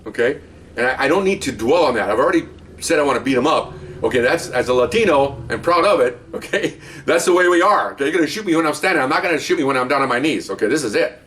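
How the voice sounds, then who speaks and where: Quick and lively, a retired undercover officer shares old case stories in a casual way, voicing both sides of each scene. The older man's medium-pitched voice is a bit far from the microphone, and there's a little hiss or hum.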